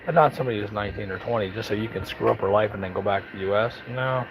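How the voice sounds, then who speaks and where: Gravelly American man, blunt and folksy. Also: lowish voice, rapid-fire, poor audio. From United States. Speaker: vlogger. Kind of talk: casual storytelling monologue.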